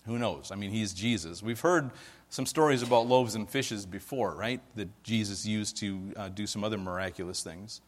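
A man preaching a casual, conversational sermon, telling a story with lively acted-out quotes and frequent "right?" asides. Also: on the low side, moderate pace. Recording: long hall reverb.

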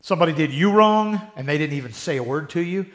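A man's voice: fairly high pitch, expressive, fast. Conversational male pastor preaching. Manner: conversational, acts out quoted voices. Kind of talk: sermon.

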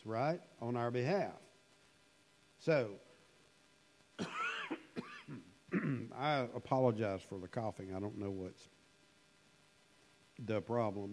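A man preaching a conversational sermon in a church hall, musing and unhurried, with frequent fillers. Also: medium pitch. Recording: long hall reverb.

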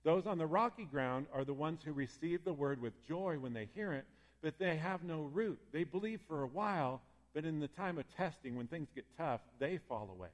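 A male pastor giving a sermon in a lively, conversational way, with asides and fired-up moments. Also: on the high side, normal speed. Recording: long reverb in a hall.

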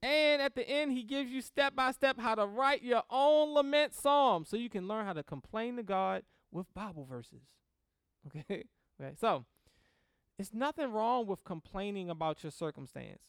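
Animated woman teaching, crisp and dry. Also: on the high side, moderate pace, no echo. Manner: animated, laughs often, acts out prayers in quotes; checks in with "right?" and "okay?". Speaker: Christian teacher on grief and comfort. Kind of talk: conversational teaching talk to a class.

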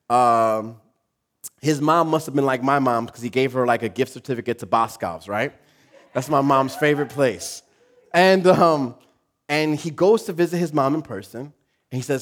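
A man preaching a sermon, telling a funny story and joking with his congregation, often repeating himself as he goes. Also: fairly high pitch. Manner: lively, joking, talks to the congregation; halting, repeats words.

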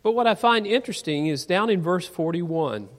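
A man in a church sanctuary delivers an earnest sermon, often putting rhetorical questions to the congregation. His voice sits somewhat high for a man, and it carries a long echo through the hall. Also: expressive, moderate pace. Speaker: preacher.

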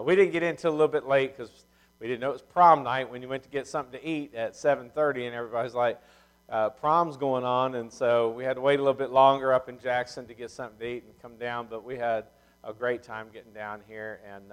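Guy in his fifties preaching at church, talks fast and folksy, tells stories. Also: medium pitch, clear, resonant tone, poor audio. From Ohio, USA. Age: 50s. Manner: fast-talking, animated storyteller, folksy. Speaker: visiting missionary speaker. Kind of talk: church sermon with storytelling.

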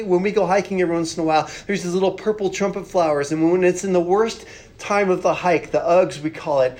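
A pastor giving a conversational sermon, earnest and plain-spoken, with rhetorical questions and repeated phrases. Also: male voice, high voice, quick pace, a little mellow.

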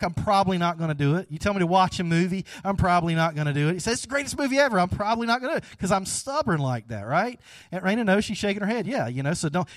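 A man's voice: high voice, no echo. Man preaching a folksy sermon. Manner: folksy, conversational preaching that rises to animated emphasis. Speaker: pastor. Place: church sanctuary.

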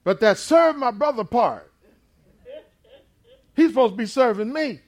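A wronged grown son pleads his case in a raised, upset voice, as a preacher acts him out. The voice climbs well above the speaker's usual pitch and gets louder as the protest builds. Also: wildly swooping pitch, unhurried, breathy edge, heavily acted. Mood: aggrieved. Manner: rising, aggrieved protest.

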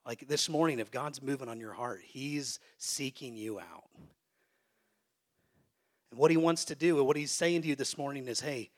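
A man who is a pastor, preaching a sermon to a congregation and swinging between hushed, soft phrases and loud, emphatic peaks. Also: mid-range voice, moderate pace, pauses often. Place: church sanctuary.

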